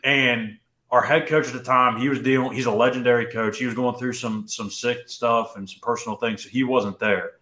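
A young man co-hosting a podcast, telling a personal story in casual chat, animated and full of "dude" and "like". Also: mid-range voice, normal speed, roomy sound. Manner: animated, says "dude" and "like" often. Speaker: podcast co-host.

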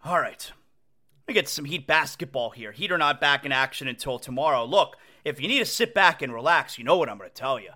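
A man hosting a casual sports talk show from home, excitable, repeating phrases and restarting sentences as he talks. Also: mid-range voice, fairly quick.

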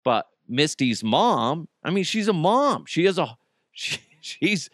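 A man's voice: a little high, big pitch swings, takes it slowly, a bit bright, no echo, studio quality. A man hosting a podcast, telling a story in a loose, conversational way with fillers and restarts. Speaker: podcast host. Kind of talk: casual storytelling.

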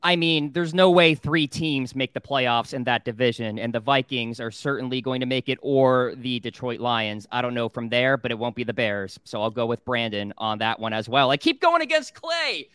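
A man hosting a sports betting talk show, briskly steering the panel with questions and reading out odds. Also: medium pitch, expressive, fairly bright tone, clear, resonant tone, dry recording, studio quality.

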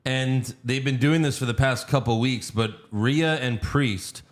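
Texan guy on a wrestling podcast, casual recap, laughs a lot, average-pitched voice. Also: measured pace. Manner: laughs often, breaks into mock voices. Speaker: podcast co-host.

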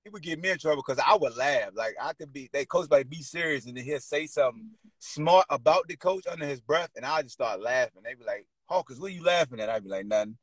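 A man hosting a sports call-in show, loud and playful as he trash-talks. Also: mid-range voice, lively intonation, brisk, husky, no echo. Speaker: host.

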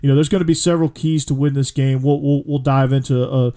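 A man from Georgia hosting a casual sports talk show, relaxed as he leads the discussion. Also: mid-range voice, quick pace. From Atlanta area, Georgia.

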